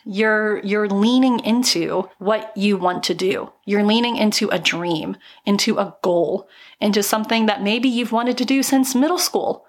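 A woman's voice: mid-range voice, unhurried. A woman in her thirties hosting a solo podcast, talking upbeat and encouraging with little laughs between thoughts. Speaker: podcast host. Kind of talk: motivational solo podcast talk.

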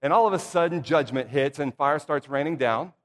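A middle-aged preacher with a slightly high voice tells humorous church stories from the pulpit. His folksy, playful asides ring out through a long reverb of a church hall. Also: fairly quick. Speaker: pastor or church minister. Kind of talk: casual storytelling sermon. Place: church sanctuary.

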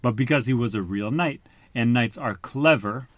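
A man's voice: mid-range voice, normal speed, fairly bright tone, no echo. A man reading a picture book aloud to a child, patiently stopping to explain words and ask questions. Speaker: storybook reader.

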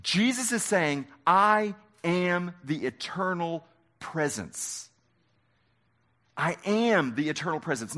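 Male pastor preaching, bright and a bit high voice, drags out the big lines for emphasis. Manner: emphatic preaching with slow dramatic quotes. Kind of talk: sermon.

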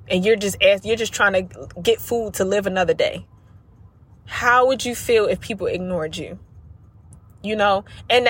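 A woman talks straight to her podcast listeners as a business coach, earnest and repetitive, calling them y'all. Her voice sits at a middle pitch with a husky, slightly breathy edge. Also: a bit bright. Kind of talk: casual motivational podcast talk.

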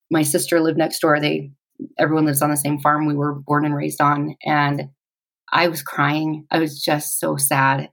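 A woman in her forties telling her personal story in an interview, reflective and halting, with pauses. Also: sits low, gravelly, poor audio.

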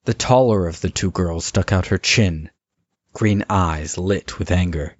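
A man giving steady, scripted story narration. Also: deep voice, unhurried, dry recording. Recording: dull lo-fi recording.

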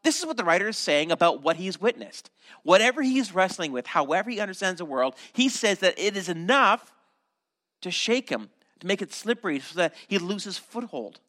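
Bright-voiced male pastor preaching. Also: high-pitched, normal speed. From Canada. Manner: animated teaching with acted asides and restarts. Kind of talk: sermon.

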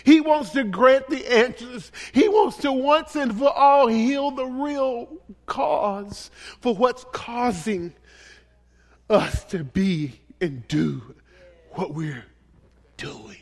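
High-voiced impassioned preacher in a reverberant hall. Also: male voice, expressive, takes it slowly. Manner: impassioned, pleading, swinging between hushed and shouted. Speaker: pastor. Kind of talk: sermon. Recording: long reverb of a large hall.

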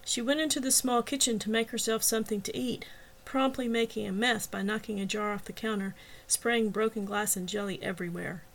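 A woman reading her own novel aloud as an audiobook narrator. Her voice sits fairly high and she tells the story expressively, with a scripted, steady delivery. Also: brisk, a little hiss or hum.

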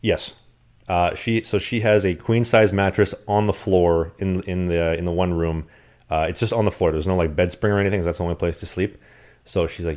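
A deep-voiced man telling a long string of stories in casual podcast chat. He talks fast and keeps rambling along, full of fillers and restarts, acting out the scenes as he goes. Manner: rambling, animated storyteller. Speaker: podcast guest. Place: rented apartment.

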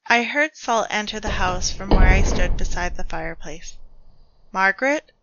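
A woman reading her own dark fiction aloud in a measured way, hushed in quieter passages. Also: medium pitch, muffled recording, background noise. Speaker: storyteller.

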